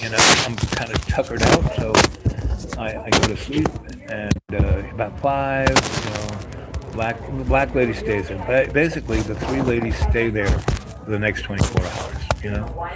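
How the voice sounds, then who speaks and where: A man's voice: fairly low pitch, moderate pace. An older man hosting, telling a personal story in a rambling, filler-heavy way. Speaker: host. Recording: loud hiss and clicks.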